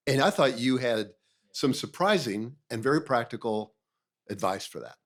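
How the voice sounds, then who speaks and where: A man's voice: medium pitch, lively intonation, moderate pace. A man hosting an interview, affirming his guest and posing questions with some hesitation. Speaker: host.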